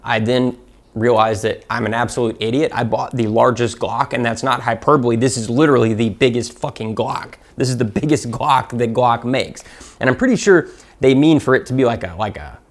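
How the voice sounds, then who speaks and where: A man's voice: mid-range voice, a little fast. A man with a Southern American accent giving a comedic, profane, self-mocking gun review.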